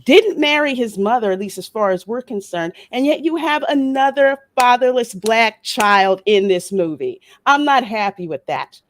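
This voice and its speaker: A woman's voice: a little high, lively intonation, normal speed, hardly any pauses. A woman panelist with a Louisiana Creole accent in a heated discussion, speaking emphatically and sarcastically with building indignation.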